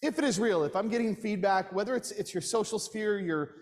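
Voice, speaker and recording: A man explaining a framework to a workshop audience in a measured way, checking in with the room. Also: high voice, a little mellow. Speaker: workshop guest speaker. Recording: long hall reverb, live room.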